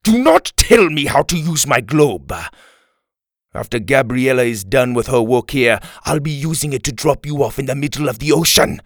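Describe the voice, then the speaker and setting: A man's voice: medium pitch, sing-song, unhurried, gravelly, dry recording, clean studio sound, heavily acted. A man voicing a playful, menacing male villain in a children's audio story. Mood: threatening. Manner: teasing, then threatening.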